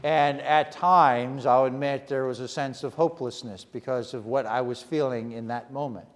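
A man preaching a sermon in earnest, short repeated phrases with pauses. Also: medium pitch, steady tone, big-room sound. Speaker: pastor.

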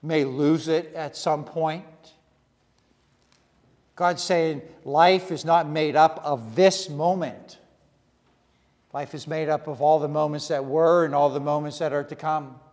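A man preaching with an earnest, steady delivery, building his points through short repeated phrases. His voice sits a bit higher than most men's. A long reverb trails after his words. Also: takes it slowly. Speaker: pastor. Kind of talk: sermon.

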